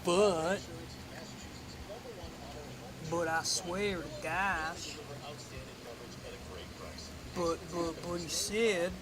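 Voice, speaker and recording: A man hosting a casual livestream, rambling and swearing as he thinks out loud. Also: high-pitched, steady tone, very slow, crowd noise. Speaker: livestream host. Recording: loud vehicle and game noise behind.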